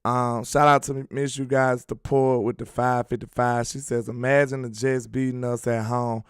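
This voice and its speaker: A man's voice: medium pitch, little pitch movement, normal speed, clean tone, no room sound, clean studio sound. A man hosting a casual sports talk livestream, reading viewer comments and riffing on them in emphatic slang. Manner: slangy and emphatic, worked up about his team. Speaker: sports talk show host.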